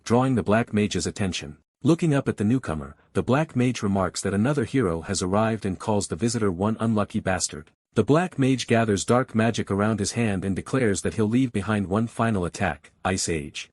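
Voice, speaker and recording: Low-voiced man narrating a story recap. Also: brisk, few pauses, darkish tone, dry recording, studio quality.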